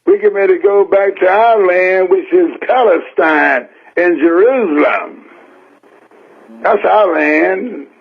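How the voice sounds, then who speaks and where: An older man from San Francisco preaches in a folksy, emphatic style, hammering his points home through plain repetition. His voice is gravelly and husky, slightly raised in pitch, and he takes his time with each phrase. It all comes through a thin, tinny radio broadcast that sounds like a phone line. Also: slow pace. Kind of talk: sermon.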